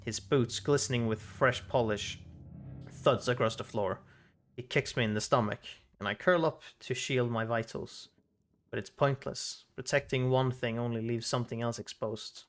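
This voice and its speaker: Brief: a man reading a haunted young elf wizard from a game, plain mid-pitched read. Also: fairly bright tone, lightly acted. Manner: reading game dialogue aloud. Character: troubled young male elf wizard recalling abuse.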